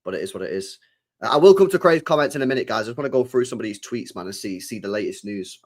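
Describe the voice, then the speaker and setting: A young man hosting a casual football live stream, loose and chatty, full of slang, swinging from loud bursts to mumbles. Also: on the low side, expressive, racing. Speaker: football channel host.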